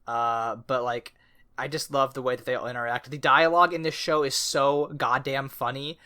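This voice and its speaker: A man co-hosting a casual podcast rambles with lots of fillers and restarts and laughs often. His mid-range voice is pushed, bright and resonant, with fairly even intonation at a moderate pace, and the sound is clear.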